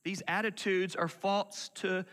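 Bright-voiced male preacher in a hall. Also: high-pitched, steady tone, unhurried. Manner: emphatic, swings from loud to hushed. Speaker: pastor. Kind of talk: sermon.

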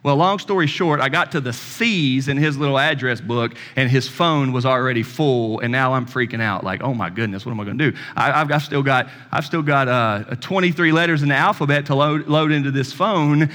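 A thirtysomething pastor weaves a personal story into his sermon, folksy and conversational, voicing the other person's lines himself. He speaks at a moderate pace with hardly any pauses, his fairly bright, mid-pitched voice echoing through the long reverb of a church hall.

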